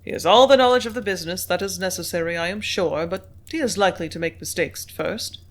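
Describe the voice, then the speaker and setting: A reader voicing a calm company manager. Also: mid-range voice, fast talker, close to an everyday voice. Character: business-minded company manager, man.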